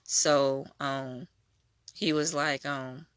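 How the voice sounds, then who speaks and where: A young adult woman giving a casual spoken faith testimony, telling her story in an animated way. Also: extremely low pitch, very slow, smooth, dry recording, clean studio sound. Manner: animated storytelling, acting out quoted voices.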